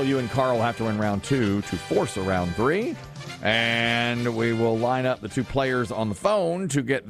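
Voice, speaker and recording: A man runs a radio quiz game with an animated, swooping delivery that rises and falls on every prompt. He keeps things upbeat and teasing as he repeats the question to each player. He speaks into a studio microphone, with faint music playing underneath. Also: mid-range voice. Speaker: radio show host running a quiz game. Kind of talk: game show hosting.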